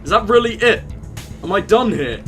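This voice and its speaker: A man's voice: high voice, animated, moderate pace, music in the background. A young man casually commenting on his gameplay, joking irreverently and talking to the characters on screen. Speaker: let's play gamer.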